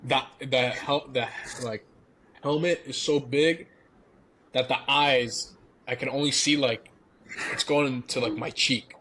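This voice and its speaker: A man's voice: medium pitch, steady tone, slow pace, pushed and bright, a little hiss or hum. A young man, a former college baseball player, animatedly telling a story as a podcast guest, often laughing. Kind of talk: casual storytelling.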